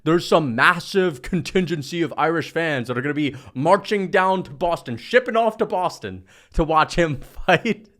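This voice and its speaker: A man from New rants about combat sports in a high, lively voice. He mocks and swears freely, with the loose tone of a casual vlog. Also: normal speed, hardly any pauses. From New York. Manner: mocking, profane, animated. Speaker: MMA commentator vlogger. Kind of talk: casual rant.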